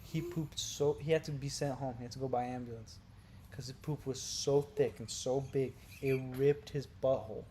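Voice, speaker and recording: A man swaps crude stories with a friend, his voice dropping low and mumbly and then jumping to loud, laughing shouts. He sits at an average pitch for a man. A faint hum of noise sits under the chat. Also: normal speed. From Brazil. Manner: animated, gets loud and laughing when telling wild stories. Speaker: podcast co-host. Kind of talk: casual storytelling chat.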